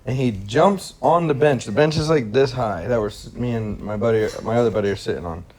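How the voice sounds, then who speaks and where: Animated young man telling a story. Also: mid-range voice, brisk, slight background noise. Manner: animated storyteller who swears freely and acts out quotes. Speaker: podcast co-host. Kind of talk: casual podcast storytelling.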